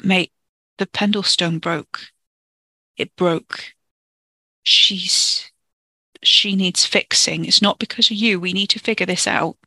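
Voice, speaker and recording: Storyteller playing a stammering defensive young guy, gravelly edge, dry close sound. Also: high-pitched, fairly even intonation, slow, pauses often, sharp tone, dry recording, exaggerated voice. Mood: halting. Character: young man, defensive and exasperated cousin.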